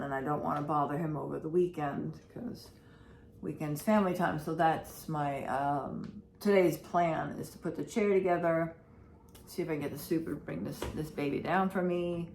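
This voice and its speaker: A woman's voice: sits low, a little mellow. A woman vlogging casually at home, rambling and repeating herself in an anxious, emotional way. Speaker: vlogger and pet owner. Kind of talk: casual day-in-the-life vlog. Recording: roomy with faint background noise.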